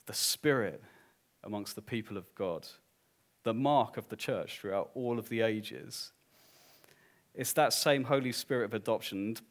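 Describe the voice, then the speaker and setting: A man preaching a sermon as pastor, swinging from hushed, drawn-out lines to loud, emphatic declarations. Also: lowish voice.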